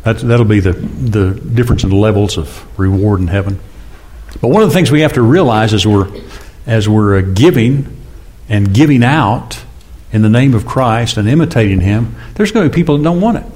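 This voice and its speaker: A man in his sixties preaching a conversational sermon, often asking the congregation questions and acting out quoted speakers in louder, higher bursts. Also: lively intonation, normal speed. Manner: chatty, asks the congregation questions, acts out God and James. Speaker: pastor.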